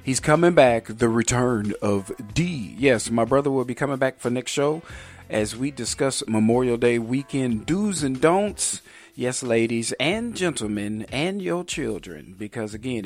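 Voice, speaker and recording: A man's voice: mid-range voice, animated, normal speed, gravelly, soft background music. A man hosting a podcast, chatting casually and jokingly, with frequent ums and uhs. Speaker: podcast host.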